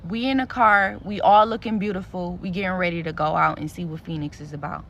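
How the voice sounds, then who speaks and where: A woman's voice: on the low side, fairly even intonation, fairly quick, fairly bright tone, a little hiss or hum. A woman telling a story to her viewers in a vlog, blunt and profane, with lots of animation in her delivery. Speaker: content creator.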